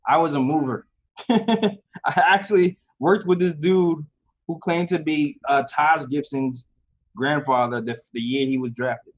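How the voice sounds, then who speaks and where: Laughing co-host on dull, lo-fi audio. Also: male voice, on the high side, unhurried. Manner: laughs often, relaxed banter. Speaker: podcast co-host. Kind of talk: casual basketball talk.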